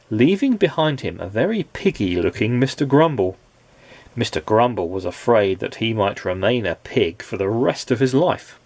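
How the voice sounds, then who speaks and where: Expressive man reading a storybook. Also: fairly low pitch, dry recording. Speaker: dad reading to children. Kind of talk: children's storybook read-aloud.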